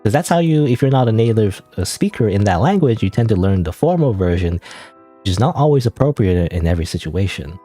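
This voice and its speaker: A young man chats his way through a game, reading lines aloud and trailing off into loose tangents. His voice sits low and mellow, and his pitch moves around a lot. Soft game music plays faintly behind him. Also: expressive, fast talker. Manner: rambling, self-interrupting, reads game dialogue aloud. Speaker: streamer. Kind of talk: casual gameplay commentary.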